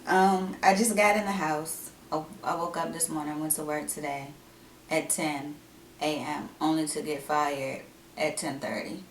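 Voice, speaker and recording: A woman's voice: deep voice, a little slow, a little hiss or hum. Chatty young woman vlogging in an echoey room. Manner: candid, chatty, animated storytelling. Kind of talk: casual vlog talk to camera. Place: at home indoors. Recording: echoey room, mic at a distance.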